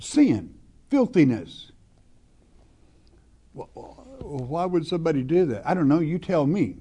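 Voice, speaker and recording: A man preaching a sermon verse by verse, reading scripture slowly with emphasis and then explaining it in a folksy way, often asking the listener questions. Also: fairly high pitch, very animated, dark tone, slightly rough.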